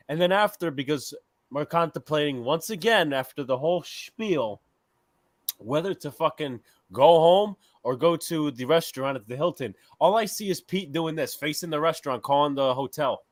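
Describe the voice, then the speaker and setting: A man co-hosting a casual sports podcast, telling stories in a profane, animated way. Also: fairly high pitch, no echo. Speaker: podcast host.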